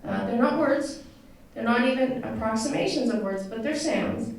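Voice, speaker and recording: An American woman tells a personal story to an audience in an echoey room, her voice picked up from a distance with some noise. She sounds animated, speaking at normal speed in a fairly high voice with vocal fry.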